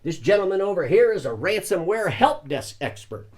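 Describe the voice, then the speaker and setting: Mock-earnest older man, lively pitch. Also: normal speed. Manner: folksy, mock-earnest, chuckling asides. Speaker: satire news host. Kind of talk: deadpan satirical news monologue.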